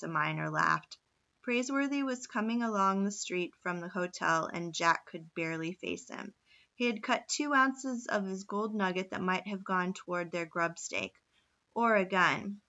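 A woman reading a children's novel aloud in a steady storytelling manner. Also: mid-range voice, moderate pace, lo-fi sound. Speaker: reader.

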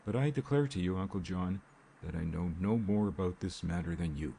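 A man voicing a composed young man calmly defending himself in an audiobook, measured and polite. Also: low voice, creaky, a little hiss or hum. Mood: earnest. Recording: faint rain ambience behind.

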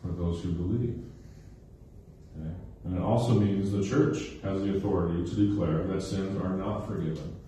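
A man's voice: sits low, fairly even intonation, normal speed, mellow, slight background noise. A male pastor giving a sermon, often checking in with listeners with "okay?" and "right?" and repeating phrases for emphasis. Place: recreation center used for church service. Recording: very echoey hall, heard from a distance.

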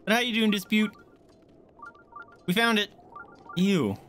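Young woman streamer chatting through a game, lively voice, faint background hum. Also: medium pitch, a little slow. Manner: chatty, laid-back, jokey. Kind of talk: casual gameplay commentary.

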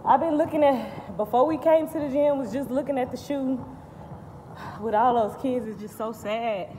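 A woman's voice: high voice, normal speed, dark tone, big-room sound, a little hiss or hum. A woman vlogging while she walks on a treadmill at the gym, talking upbeat and thankful about moving her body and self-care. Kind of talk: casual vlog while working out.

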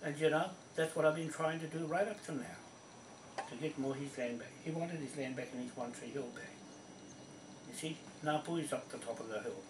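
A man's voice: on the high side, slight background noise. A man speaking to camera in a rambling, accusing monologue, stressing his points and repeating himself. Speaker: land claimant addressing viewers. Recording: roomy echo from a distant mic.

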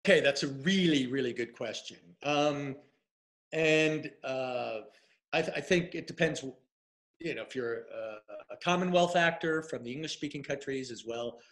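A man's voice: mid-range voice, moderate pace, fairly bright tone. A middle-aged man who works as a casting director and acting coach, giving candid, emphatic advice in a conversational livestream Q&A. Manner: emphatic, conversational, with filler and restarts.

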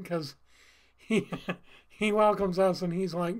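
A man talking earnestly in a casual vlog, halting often and breaking into little laughs between phrases. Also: high voice, steady tone. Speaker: vlogger. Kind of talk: casual heartfelt vlog talk.

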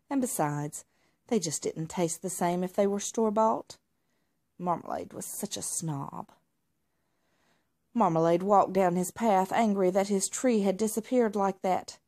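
A woman reading a children's storybook aloud. Her narration is expressive and paced for young listeners. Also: on the low side.

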